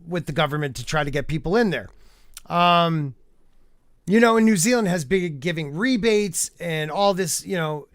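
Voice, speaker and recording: High-voiced man stumbling through a reading. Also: clear, resonant tone, no room sound, clean studio sound. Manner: stumbles over words while reading aloud; blunt and profane. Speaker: podcast host. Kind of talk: casual panel chat.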